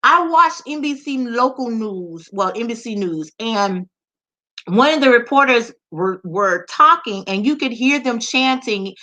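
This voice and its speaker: A woman's voice: a little high, lively intonation, measured pace, bright, forceful tone. A woman giving impassioned social commentary, talking straight to her audience with emphatic repetition and rhetorical questions. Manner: direct address to the audience.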